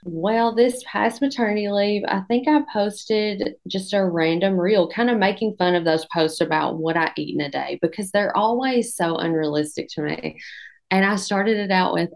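A young adult woman, a dietitian guest, telling stories in a self-deprecating, animated way on a podcast. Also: mid-range voice, moderate pace, creaky. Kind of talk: casual podcast interview.

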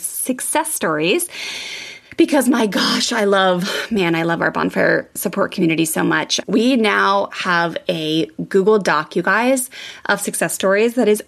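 A woman hosting a parenting podcast, talking in a chatty, animated way with lots of fillers. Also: mid-range voice, creaky. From California, USA. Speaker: parenting podcast host and coach. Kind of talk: casual podcast monologue.

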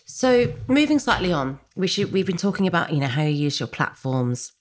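A woman interviewing guests on a podcast, her voice sitting low. She asks considered, conversational questions at an easy pace. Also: very animated, normal speed. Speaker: podcast host.

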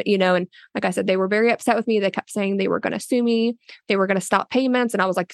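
A woman speaks as an interview guest, telling her story in an earnest, loose way full of fillers and restarts. Her voice sits in a middle pitch. The recording is dry and close, with no room echo. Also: fairly even intonation, quick pace, creaky. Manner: often quotes others in a raised voice. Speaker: interviewee, a surrogate. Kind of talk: casual spoken interview.

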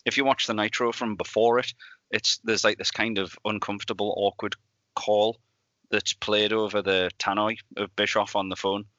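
A man co-hosting a podcast in a casual, animated way, laughing often and restarting his sentences. His voice sits a little low but sounds bright and forceful. The recording is dry and dull, lacking top end. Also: moderate pace, no room sound. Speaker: podcast co-host. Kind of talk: casual chat.

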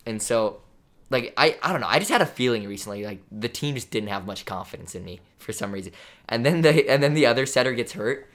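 A man's voice: mid-range voice, expressive, brisk, a bit bright. Young man rambling with "dude" and "like". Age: young adult. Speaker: podcast co-host, pro volleyball player. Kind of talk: casual chat.

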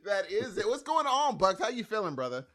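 A man hosting a podcast, joking around with his co-hosts in casual banter. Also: high voice. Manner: animated, jokey, quick interjections. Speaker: podcast host.

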